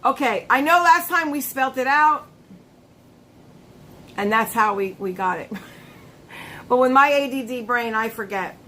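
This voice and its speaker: High bright chatty woman live streamer. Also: animated, unhurried, long pauses, a little hiss or hum, low-quality recording. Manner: chatty, greets viewers by name, laughs often. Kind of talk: casual live-stream chat.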